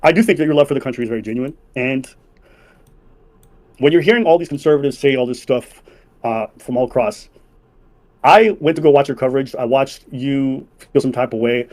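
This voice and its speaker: Man, host, from Montreal, quick pace, relaxed, lots of fillers. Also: medium pitch. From Montreal, Canada. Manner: relaxed, many fillers, laughs easily. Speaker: podcast host. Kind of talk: casual interview chat.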